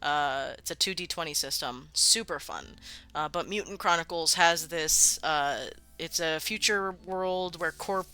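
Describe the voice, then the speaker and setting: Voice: mid-range voice, unhurried, sharp tone, clear, resonant tone. A streamer chatting casually while building a game world, rambling, laughing often and swearing freely. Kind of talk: casual live-stream chat.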